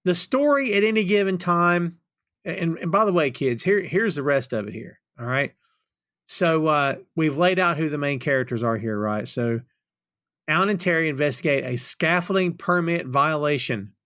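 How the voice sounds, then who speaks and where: A man's voice: fairly high pitch, lively intonation, moderate pace, fairly bright tone, no echo, studio quality. A man hosting a podcast, chatting casually and retelling film scenes with laughter. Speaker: podcast host.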